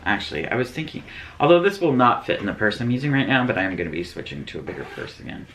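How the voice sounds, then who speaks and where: A woman's voice: a bass voice, big pitch swings, rapid-fire, a bit bright, a little hiss or hum. A woman hosting a beauty unboxing vlog, chatting in an easygoing way. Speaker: beauty vlogger host. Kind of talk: casual unboxing chat.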